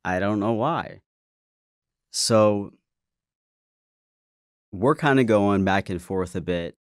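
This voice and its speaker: A man's voice: lowish voice, takes it slowly, no echo, clean studio sound. A man hosting his own show, telling a personal story in a candid, casual way, swearing and stammering as he goes. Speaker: podcast host.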